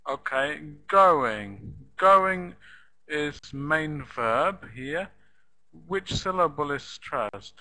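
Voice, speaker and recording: A man's voice: on the high side, lively intonation, slow, bright, forceful tone, low-quality recording. A man teaching pronunciation in a live online class, patiently repeating example sentences and asking the students questions.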